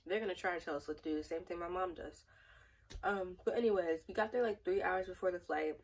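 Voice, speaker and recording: Young woman, casual vlog storytelling, rambling, chatty, lowish husky voice, a bit far from the mic. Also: fast talker. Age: young adult. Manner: rambling, chatty, lots of fillers. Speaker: vlogger.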